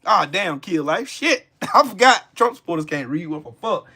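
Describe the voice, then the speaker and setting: A man's voice: sits high, very animated, moderate pace, bright, forceful tone, slightly rough. A man with a Southern American accent hosting a live stream, ranting about politics bluntly and profanely, repeating himself for emphasis and answering chat.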